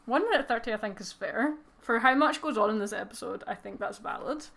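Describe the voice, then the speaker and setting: Young scottish woman, bit high voice, giggly rapid recap, swears a lot. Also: creaky, fairly bright tone. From Scotland. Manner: casual and giggly, swearing, mimicking characters in quick asides. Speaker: co-host doing a timed episode recap. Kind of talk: rapid-fire comedic recap.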